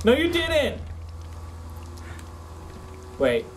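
This gameplay streamer talks in an extremely high voice with huge pitch swings, yet at a very slow pace. Jumpy and cursing, he narrates a horror game to his companion over a desk mic set up with a face cam. Crowd noise sits behind the low-quality recording.

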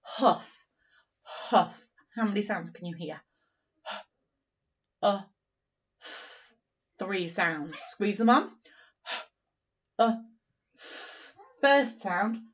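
A woman teaching young children a phonics lesson, speaking in a slow, encouraging, sing-song way and sounding out words. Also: medium pitch, expressive. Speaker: primary teacher. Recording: dull, slightly distant recording.

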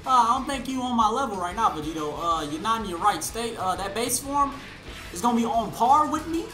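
A woman's voice: on the high side, animated, brisk, fairly bright tone, soft background music. A young woman hosting a gaming channel, giving hyped, slangy live commentary on her matches and calling out opponents. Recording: roomy room sound.

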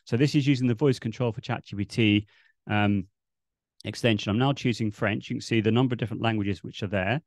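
Gravelly man presenting a webinar. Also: lowish voice, a little fast, no room sound, studio quality. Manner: relaxed, explanatory, demonstrating on screen. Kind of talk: live online teaching webinar.

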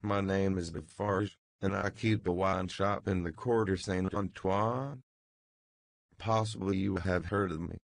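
A man narrating a novel, voicing a grim, guarded male wine-shop keeper who talks low and terse. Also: fairly even intonation, a little slow, creaky, dry recording, studio quality.

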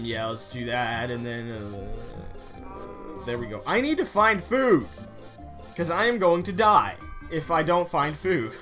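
A young man giving casual, excitable commentary while playing a video game, often breaking into mock-angry yelling. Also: medium pitch. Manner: excitable, yells and mock-rages at game animals. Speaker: gaming YouTuber.

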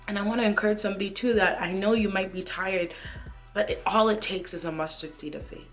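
A woman's voice: medium pitch, steady tone, quick pace, soft background music. Earnest young woman encouraging faith. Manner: earnest and encouraging, many "like" and "you know what I mean". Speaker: Christian vlogger. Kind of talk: casual devotional talk to camera.

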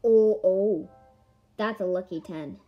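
A woman giving casual commentary on a board game she is playing, excitable, with melodramatic outbursts and playful taunting of her opponent. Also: mid-range voice, takes it slowly, dull audio, faint music behind. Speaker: gamer filming a board game. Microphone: camera mic.

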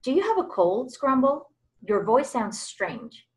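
A woman's voice: sits high, big pitch swings, measured pace, pitched above the performer's own voice, rough recording. A woman putting on a pompous scheming lord. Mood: haughty.

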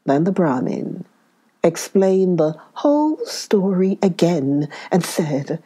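A woman tells a children's story very slowly and calmly, in a low, mellow voice. Her pacing is unhurried and measured. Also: husky.

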